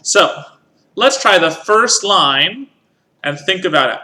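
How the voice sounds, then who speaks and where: A man's voice: high voice, lively intonation, slow pace, bright, forceful tone. A man teaching a music lesson, patiently explaining rhythm and counting in. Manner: patient, counts in and sings along.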